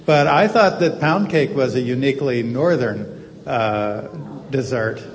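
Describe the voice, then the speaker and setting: A man's voice: mid-range voice, unhurried. A man from New Jersey commenting from the audience in a jokey, self-amused way. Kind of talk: audience comment at a live event. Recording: reverberant hall.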